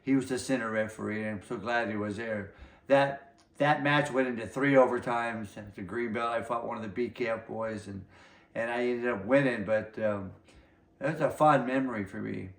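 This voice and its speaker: Gravelly and medium-pitched, the older martial arts master talks at normal speed. His interview is casual and full of long anecdotes, with other people's words acted out along the way. An echoey room colors the sound.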